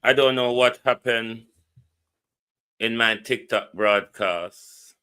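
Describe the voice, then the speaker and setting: A man with a Jamaican accent hosts a relaxed livestream, greeting viewers by name and reading out a contact number while chatting loosely. His mid-range voice moves slowly and sounds pushed and bright, with a clean tone. It's captured on a phone or computer mic.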